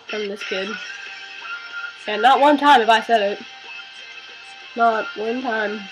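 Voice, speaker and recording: A woman's voice: a little high, slow pace, long pauses, music in the background, poor audio. A teenage girl vlogging, telling a story with exasperated sarcasm. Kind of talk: casual ranting vlog.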